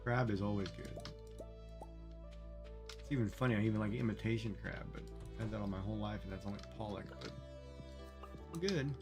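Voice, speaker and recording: A man's voice: fairly low pitch, brisk, pauses often, music in the background. Chatty man streaming a game. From Canada. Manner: chatty, musing aloud to viewers. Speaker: livestreamer. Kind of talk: casual chat while gaming.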